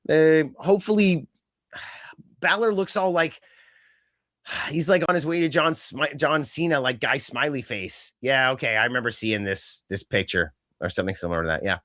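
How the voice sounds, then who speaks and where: A man co-hosting a podcast chats casually about wrestling, rambling with lots of fillers and quoted asides. His mid-range voice is a bit bright and at normal speed, recorded in studio quality with no room sound.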